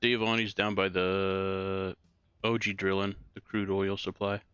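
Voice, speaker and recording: A man's voice: sits low, a little slow, smooth, no room sound, highs cut off. A man chatting casually over voice chat, talking through what he is doing in a driving game. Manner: relaxed, narrates his own moves. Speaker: game player.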